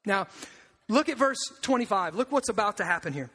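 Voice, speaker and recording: High-voiced man preaching in an echoey hall. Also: brisk. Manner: animated, acts out quotes in voices, emphatic. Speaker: pastor. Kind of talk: sermon.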